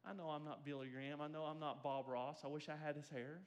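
A man's voice: a little high, fairly even intonation, quick pace. A man preaching a sermon, telling a personal story with energy and calling on the congregation to respond. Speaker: pastor.

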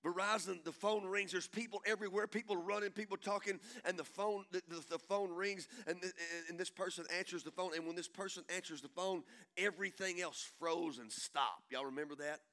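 A preacher man with a high, bright, ringing voice, delivering a sermon to his congregation. He swings between soft, hushed stretches and loud, shouted peaks. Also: steady tone, a little fast. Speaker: pastor.

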